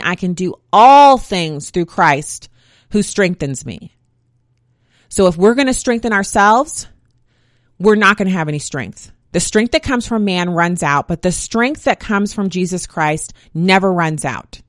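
A woman with a fairly low voice gives a faith-based monologue, reciting scripture in a steady, emphatic rhythm. The sound is dry and close, with no room echo.

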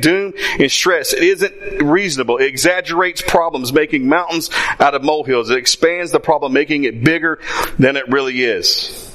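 Conversational preacher, man, slightly high voice. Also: a bit bright. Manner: conversational preaching with acted-out asides. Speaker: pastor. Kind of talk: sermon.

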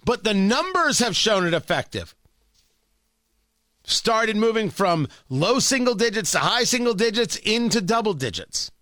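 A man's voice: high-pitched, very animated, measured pace, bright, forceful tone, no room sound, clean studio sound. A man hosting political talk radio, giving emphatic, opinionated commentary and repeating phrases for effect.

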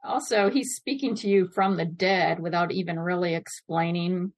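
A woman's voice: fairly low pitch, steady tone, normal speed, no room sound. A woman co-hosting a podcast, giving frank, direct opinions in casual chat. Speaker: podcast co-host.

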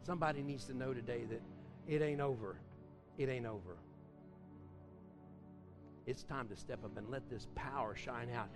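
A man preaching a sermon at a church service, fervent, swinging between loud outbursts and quiet storytelling. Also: medium pitch, normal speed, pauses often, over music. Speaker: pastor.

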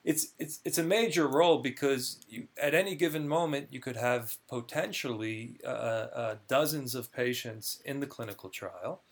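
A man's voice: mid-range voice, moderate pace, hardly any pauses. A man being interviewed, explaining a job earnestly and often repeating words as he starts a thought. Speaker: clinical research guest. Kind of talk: conversational interview.

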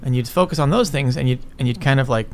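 A man's voice: mid-range voice, quick pace, a little mellow, a little hiss or hum. A middle-aged man, a business guest in an interview, talking casually in a rambling way, swearing often and tagging his points with "right?". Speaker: guest entrepreneur.

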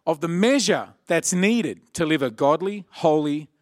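A man preaching a sermon, telling a personal story in an animated way. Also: measured pace, no echo, clean studio sound. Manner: animated, acts out quotes with shouted high voices.

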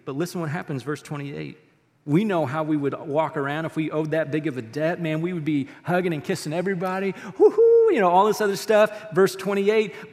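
A man preaching a sermon, animated, swinging between loud bursts and hushed lines. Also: fairly high pitch. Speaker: pastor. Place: church auditorium. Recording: long reverb of a large auditorium.

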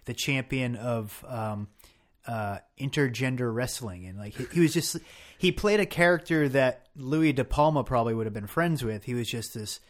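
Man musing at a mid pitch. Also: normal speed. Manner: thoughtful, restarts sentences often. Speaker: podcast co-host. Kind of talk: casual discussion.

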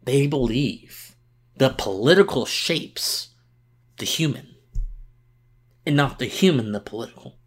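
A man's voice: mid-range voice, animated, unhurried, pauses often, slightly rough. A tired man hosting a political podcast, giving passionate commentary with emphatic restarts and repeated words.

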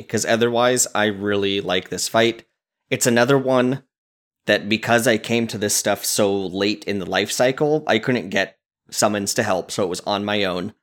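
Easygoing dad chatting about games. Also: male voice, fairly low pitch. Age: adult, a parent. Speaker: podcast co-host. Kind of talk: casual gaming podcast chat.

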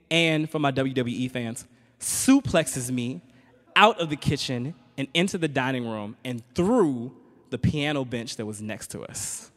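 A stand-up comedian from Virginia, speaking at an average pitch. He tells his story conversationally and keeps checking in with the crowd. His voice rings out with the long reverb of a performance hall. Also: animated, unhurried, fairly bright tone. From Richmond, Virginia. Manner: conversational, teasing the audience with frequent "right?". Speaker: comedian and spoken-word poet. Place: stage in a hall.

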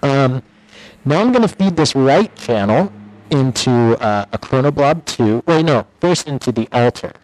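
A man walking through a modular synth patch in a casual, halting demo, with many fillers and restarts. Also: medium pitch, animated, a little mellow, low-quality recording. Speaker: guest musician demoing a modular synth patch. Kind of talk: casual hands-on demo talk.

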